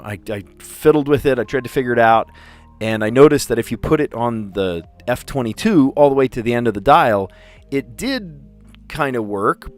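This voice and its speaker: A middle-aged man and teacher hosting a casual livestream, chatting and rambling with frequent exclamations while he solves puzzles. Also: mid-range voice.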